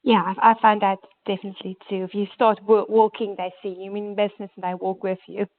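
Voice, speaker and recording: A woman's voice: medium pitch, little pitch movement, brisk. A woman interviewer asking brief questions and agreeing with her guest. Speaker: interviewer and host. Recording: phone-like call audio.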